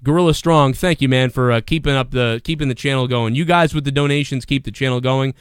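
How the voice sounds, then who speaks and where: A man reviewing a wrestling show on a livestream, rambling and swearing in casual, excitable talk. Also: medium pitch, quick pace, clean tone, dry recording, clean studio sound. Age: adult parent. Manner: profane, rambling, excitable, acts out bits in quotes.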